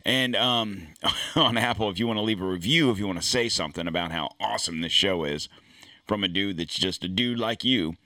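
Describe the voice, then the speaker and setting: A man's voice: lowish voice, brisk, bright, forceful tone, no room sound. A middle-aged man hosting his own podcast, chatting casually and rambling with jokes and fillers. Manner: rambling, joking, many fillers. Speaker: podcast host. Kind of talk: casual chat. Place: home studio. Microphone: studio podcast mic.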